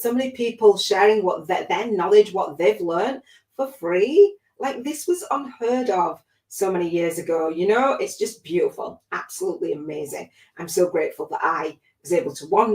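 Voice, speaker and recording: A lower-voiced woman coaching on a livestream, warm and gushing, laughing often and choking up with tears. She sounds like she's in a roomy space that gives her voice a noticeable echo. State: close to tears. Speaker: spiritual life coach and podcast host. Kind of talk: emotional motivational livestream talk.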